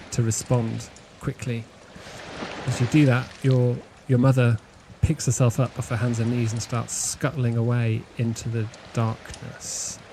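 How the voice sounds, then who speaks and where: A man narrating as game master of a tabletop horror game, in a measured, hesitant way. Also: mid-range voice, background noise.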